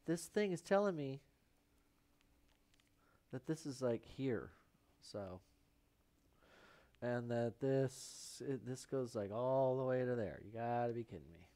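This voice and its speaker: Painting live in his studio on a lavalier mic, this man speaks slowly with long pauses, in a medium-pitched voice that's warm and lively in intonation. He's playful, mutters to himself, and sometimes slips into whispers as he chats through the demo.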